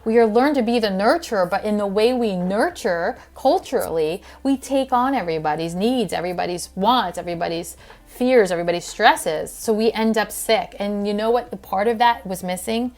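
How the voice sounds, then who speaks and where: A woman's voice: mid-range voice, moderate pace, darkish tone. A woman hosting a health podcast, talking in a casual, earnest and heartfelt way with fillers and restarts. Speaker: podcast host and functional health practitioner.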